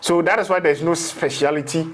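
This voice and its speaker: A man's voice: on the high side, steady tone, a little fast, a little hiss or hum. A man, a spiritual teacher in a casual interview, rambling through explanations and slipping into local phrases.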